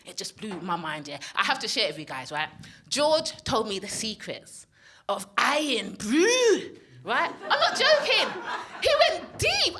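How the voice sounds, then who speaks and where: Bright, lively London woman comic. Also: fairly high pitch, slight background noise. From North West London. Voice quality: husky from smoking. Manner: playful, chatty, checks in with the crowd. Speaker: stand-up comedian. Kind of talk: stand-up comedy set.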